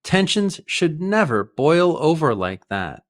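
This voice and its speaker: A man teaching an English idiom lesson, explaining each phrase slowly and carefully with example sentences. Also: on the high side, big pitch swings.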